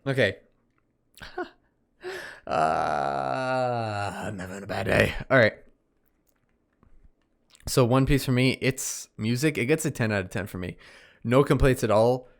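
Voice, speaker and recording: A man's voice: medium pitch, slow, creaky, pauses often. A young man talks through a casual solo podcast review in a loose, meandering way, often stopping to correct himself. He sounds tired and keeps yawning between points. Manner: rambling, self-correcting, easily distracted, yawning. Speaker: podcast host reviewing anime.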